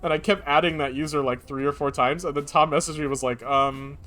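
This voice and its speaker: A man's voice: on the high side, fairly even intonation, quick pace, a bit bright, faint music behind. A young man streamer chatting casually on a live stream, rambling and joking, now and then baby-talking to his cat. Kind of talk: casual chat.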